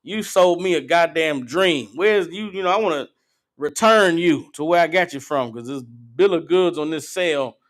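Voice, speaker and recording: A man's voice: fairly high pitch, moderate pace. A man preaching a blunt, profane street-style sermon, slipping into mocking impressions. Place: meeting hall.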